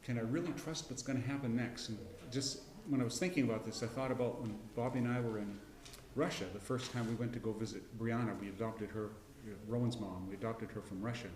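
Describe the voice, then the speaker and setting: A man's voice: medium pitch, steady tone, fast talker, few pauses, darkish tone, roomy sound, slight background noise. Folksy man teaching a Bible class. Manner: folksy, rambling, frequent restarts and throat clearing. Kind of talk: casual Bible lesson with personal story. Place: church classroom.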